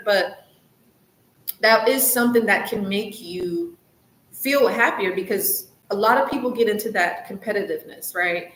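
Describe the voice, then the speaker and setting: A woman talking to camera in a loose, chatty way, with steady mid-range pitch. She sounds earnest and encouraging and circles back over her points. The room is echoey, with a faint hiss underneath. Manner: chatty, loose, full of "like" and "you know"; earnest and encouraging, repeats herself for emphasis. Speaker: channel host, coach on recovery from narcissistic abuse. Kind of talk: casual advice vlog.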